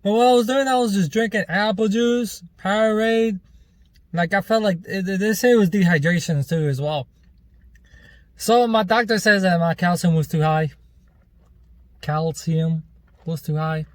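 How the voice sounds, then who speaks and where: A man's voice: sits high, moderate pace, long pauses, dry recording. A man vlogger telling a rambling, loose story in casual chat, with plenty of fillers and some swearing.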